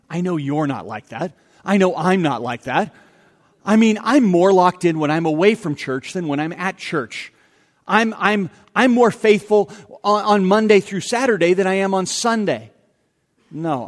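A man preaching a sermon as pastor, conversational and animated, with self-deprecating asides. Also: sits high, long reverb tail.

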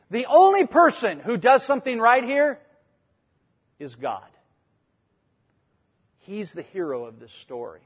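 A male pastor delivering a sermon, emphatic and chatty by turns. His voice is high and a little husky. It carries a long hall reverb on a dull, muffled recording. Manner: emphatic, conversational, switching between loud points and quiet asides.

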